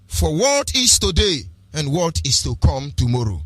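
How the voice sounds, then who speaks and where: A man's voice: a little high, big pitch swings, normal speed, few pauses, fairly bright tone, dry recording. A man with a Nigerian accent, delivering an impassioned, preachy political radio talk with repeated rhetorical phrases and lapses into pidgin. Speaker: radio broadcaster.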